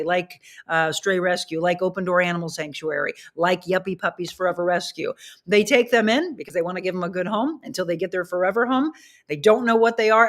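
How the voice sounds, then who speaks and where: A woman's voice: lowish voice, fairly bright tone. Chatty middle-aged woman host. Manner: chatty, rambling, talks to her dogs. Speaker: livestream host. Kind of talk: casual chat with viewers.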